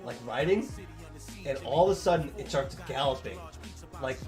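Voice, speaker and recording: A man's voice: mid-range voice, normal speed, over music. A young man casually telling a long story on stream, rambling and swearing a lot, acting out the lines of the people in it.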